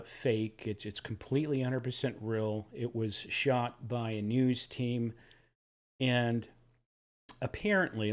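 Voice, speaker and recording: Enthusiastic man hosting a livestream. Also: medium pitch. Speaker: livestream host. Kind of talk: casual livestream chat.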